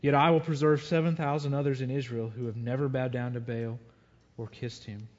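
A man's voice: mid-range voice, little pitch movement, fairly quick, a little mellow, muffled recording. A man preaching a sermon, reading scripture aloud and dwelling earnestly on it.

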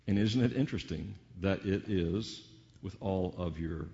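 A man preaching a sermon in a teacherly way, slowing down on key words and asking rhetorical questions. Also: sits low, dark tone, muffled recording. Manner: teacherly, varied emphasis with drawn-out pauses and rhetorical questions.

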